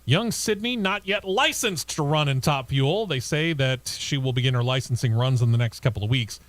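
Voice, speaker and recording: A man's voice: mid-range voice, normal speed. A man hosting a racing talk show, reading motorsport news and bantering with his co-hosts. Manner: reads news items then chats and laughs with co-hosts.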